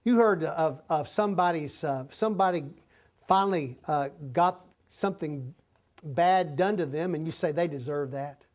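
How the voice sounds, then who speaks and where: An earnest preacher delivering a Bible-teaching sermon in a mid-pitched voice. The delivery halts now and then, with restarts and self-corrections. Scripture passages are read aloud in the same voice. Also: moderate pace, a little mellow.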